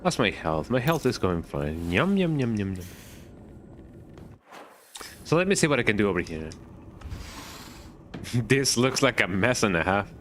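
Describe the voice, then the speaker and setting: A man streams a horror game, his fairly low, slightly bright voice swinging widely in pitch as he speaks unhurriedly with long pauses over slight background noise. Chatty and playful, he thinks aloud in casual commentary, riffs on repeated words, and keeps ending remarks with "eh?".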